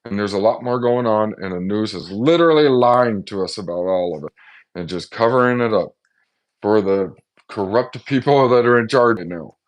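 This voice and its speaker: A man talking casually and agitatedly to his viewers in a one-man vlog, often acting out the voices of others. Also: on the low side. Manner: agitated, acts out quoted voices, excitable. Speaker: vlogger. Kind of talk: casual monologue to camera.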